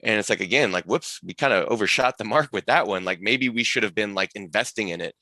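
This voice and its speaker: A man's voice: fairly low pitch, quick pace, pushed and bright, no echo. A man telling stories as a podcast guest in casual conversation, rambling with frequent restarts and asides.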